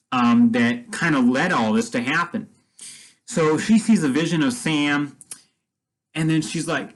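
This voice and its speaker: A man's voice: medium pitch, low-quality recording. A man casually retelling a film story as a vlogger, rambling with many restarts and fillers.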